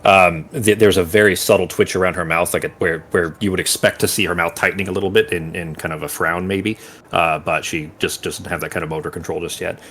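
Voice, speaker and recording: Deep-voiced man rambling as game master. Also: steady tone, a little fast, a bit bright, slight background noise. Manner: rambling, searching for words, vivid descriptions. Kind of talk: narrating a tabletop game.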